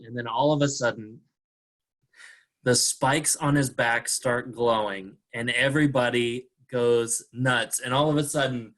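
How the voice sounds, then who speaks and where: A man of middle pitch, chatting on a video call. He tells a silly story in a laid-back, playful way. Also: a little slow, a bit bright, rough recording. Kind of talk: casual chat on a video call.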